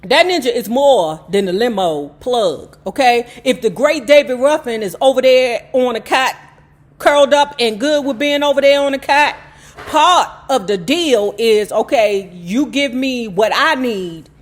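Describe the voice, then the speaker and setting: A woman's voice: fairly high pitch, a little slow. A woman reading a memoir aloud to her viewers and breaking off for blunt, profane commentary. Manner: blunt, profane, animated asides. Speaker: YouTube host reading a memoir.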